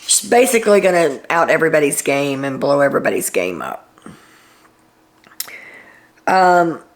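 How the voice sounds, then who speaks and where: A woman's voice: deep voice, very animated, moderate pace. A woman hosting a casual reality TV recap, chatty and opinionated, with frequent ums as she retells the week's events.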